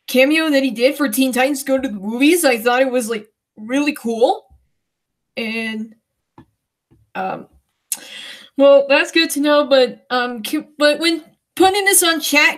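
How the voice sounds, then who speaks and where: Emotional woman hosting a livestream. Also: high-pitched. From United States. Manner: hesitant, many fillers and restarts, emotional. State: close to tears. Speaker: livestream host. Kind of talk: casual livestream chat.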